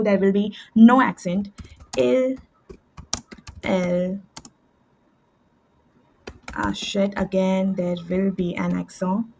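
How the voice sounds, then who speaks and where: A woman tutoring French, explaining verb endings step by step with fillers and quick self-corrections, at a desk with a computer mic. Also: mid-range voice, vocal fry, a little mellow, a little hiss or hum, poor audio. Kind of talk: screen-share language lesson.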